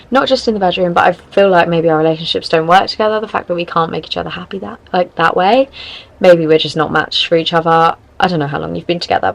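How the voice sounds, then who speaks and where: A woman's voice: fairly low pitch, gravelly, low-quality recording. A tired young woman hosting a podcast, giving frank, rambling advice in casual chat. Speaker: podcast host.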